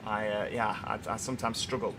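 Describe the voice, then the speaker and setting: A young man with a Yorkshire accent hosts a casual livestream, chatting and reading viewer comments aloud. His voice is lowish with a flat, brisk delivery, and there is background noise.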